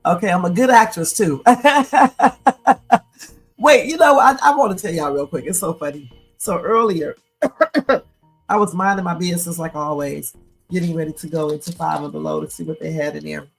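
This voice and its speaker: A woman hosting a live stream, telling a story in an animated, chatty way, often breaking into laughter. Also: low-pitched, a little fast, vocal fry, soft background music. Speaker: livestream host.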